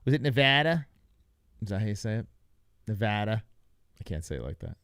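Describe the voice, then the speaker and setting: A man's voice: fairly low pitch, sing-song, quick pace, fairly bright tone, no echo, clean studio sound. A young man hosting a live stream, reacting to results in loose, joking chatter and talking to his chat. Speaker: livestream host. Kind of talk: casual live reaction commentary.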